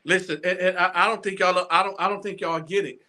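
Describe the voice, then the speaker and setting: A man with a high, bright voice talks to his viewers in a loose, animated storytelling style. He stumbles and restarts his phrases and repeats lines for emphasis. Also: fast. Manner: animated, repetitive, stammering restarts. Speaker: show host. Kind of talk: casual storytelling monologue.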